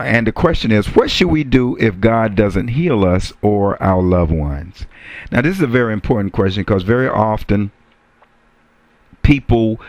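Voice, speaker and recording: A man preaching a sermon, repeating key phrases and rising to emphatic high exclamations. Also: dry recording.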